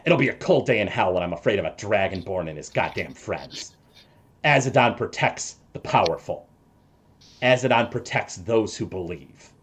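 A man's voice: fairly low pitch, animated, breathy edge. A man voicing an arrogant, sneering zealot. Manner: sneering, fast.

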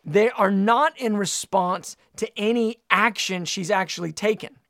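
Male preacher, high gravelly voice, slow emphatic sermon delivery, scripture reading. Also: no echo, clean studio sound. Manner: reads scripture aloud, warm emphatic teaching. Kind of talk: sermon teaching.

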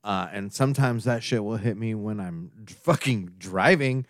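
A man's voice: on the low side, moderate pace, no echo, clean studio sound. A man in casual comedic chat, talking bluntly with plenty of swearing and teasing.

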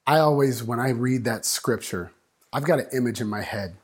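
A man preaching a sermon, building up and dropping to a hush, acting out voices in the story. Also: mid-range voice, normal speed, slightly rough. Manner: dynamic preaching, swings from loud to hushed. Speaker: pastor.

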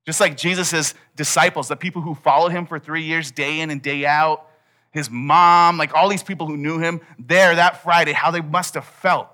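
A man preaches in a relaxed, conversational way, slipping into the voices of the people in his stories. His voice sits a little high and sounds bright and forceful. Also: moderate pace. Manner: casual storytelling, acts out voices. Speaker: pastor. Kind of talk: sermon.

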